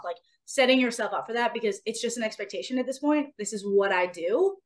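A woman's voice: on the high side, fairly quick, few pauses. A woman co-hosting a sports podcast in casual chat, talking earnestly and motivationally, repeating phrases for emphasis. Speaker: podcast co-host and athlete.

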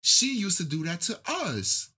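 A man's voice: unhurried, husky. A man, talking candidly and emotionally in casual conversation, his voice rising and falling as he tells a story. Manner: emotional, candid storytelling with lively pitch swings.

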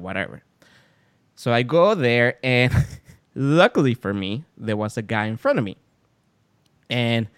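A male podcast host tells a story in casual chat. His voice sits at a middle pitch but leaps up and down as he acts out quotes. The sound is close and dry, with no room in it. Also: no echo.

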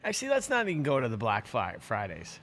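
Talking fast with huge swings in pitch, a middle-aged man hosts his live fishing subscription show from his office. His medium-pitched voice is a bit bright, and his casual chat is packed with fillers and restarts.

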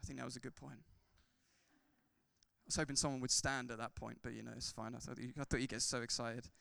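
A man who is a pastor, preaching a sermon in a church hall, swinging from loud fervor to soft, chatty asides. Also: mid-range voice, little pitch movement, a little fast, vocal fry. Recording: long hall reverb.

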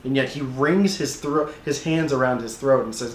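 A man's voice: mid-range voice, a little fast, hardly any pauses, a bit bright, reverberant. A man preaching a sermon, telling the story vividly with frequent restarts, in a church. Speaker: pastor.

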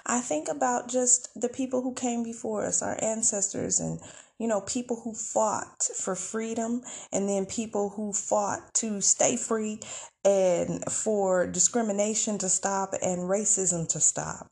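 A woman hosting a podcast, talking in a casual, expressive monologue with laughs and sighs. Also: mid-range voice, measured pace, creaky. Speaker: podcast host.

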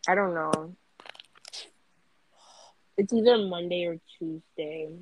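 A young woman on a casual podcast, telling a dream in an animated way, full of fillers. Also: fairly low pitch, slow, dry recording, highs cut off. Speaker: podcast co-host, student. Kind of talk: casual chat, storytelling.

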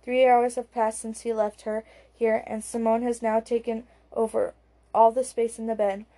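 A woman reads a thriller audiobook in a calm, even storytelling manner. Her voice is fairly high but warm and mellow. Her narration is steady and scripted. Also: moderate pace.

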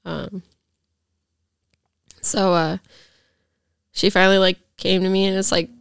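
Young woman guest, mid pitch, gravelly fry, loose storytelling full of fillers. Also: flat delivery, takes it slowly, no room sound, studio quality. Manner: rambling, heavy on fillers. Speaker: podcast guest. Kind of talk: casual personal storytelling.

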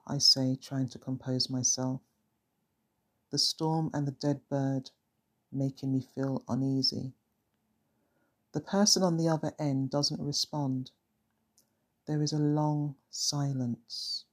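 A narrator reading a first-person story in a calm, measured, reflective way. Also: medium pitch.

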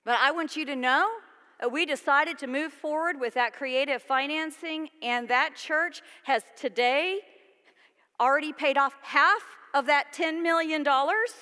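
A woman's voice: sits high, bright, forceful tone. A woman pastor preaching a sermon in a conversational, emphatic way, asking her congregation questions. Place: church sanctuary. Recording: long church reverb.

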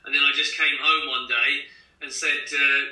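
A man's voice: on the high side, little pitch movement, moderate pace, sharp tone. A man in his thirties from Scotland, chatting as a runner guest in an interview over a video call, laughing easily. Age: 30s. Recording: roomy and distant video call.

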